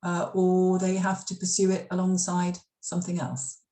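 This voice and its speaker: A middle-aged British woman, an author and former radio drama scriptwriter, tells stories during an interview in a library event room. Her voice is on the low side, monotone and dark, at a moderate pace. She's chatty, full of fillers and restarts, and the room sounds echoey.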